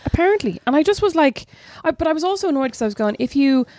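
A woman's voice: high voice, very animated, quick pace, darkish tone, no echo, clean studio sound. A woman in her thirties co-hosting a podcast, chatting candidly and mocking herself, swearing freely. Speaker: podcast co-host. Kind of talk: casual sisters' chat.

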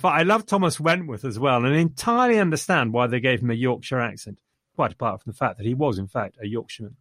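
A man's voice: mid-range voice, expressive, fast talker, fairly bright tone, no echo, clean studio sound. A man chatting casually about a film he enjoyed, rambling enthusiastically and quoting lines. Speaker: podcast co-host reviewing a film. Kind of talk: casual chat.

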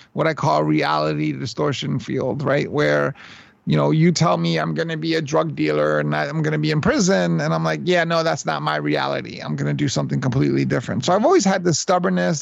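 A man in his fifties from New York City, telling stories as a guest in a casual interview, animated and restarting his sentences with repeated words. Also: fairly high pitch, vocal fry, dry recording. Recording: dull lo-fi recording.

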